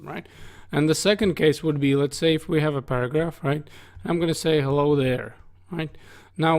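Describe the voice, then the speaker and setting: A man's voice: on the high side, creaky. A man teaching coding over a screen recording, talking casually and asking "right?" after nearly every phrase. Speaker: coding instructor. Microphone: studio desk microphone.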